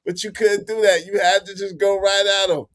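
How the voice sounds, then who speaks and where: A man's voice: high voice, flat delivery, normal speed, crowd noise. A man hosting a casual livestream, reacting to clips, laughing and thanking viewers by name. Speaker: livestream host.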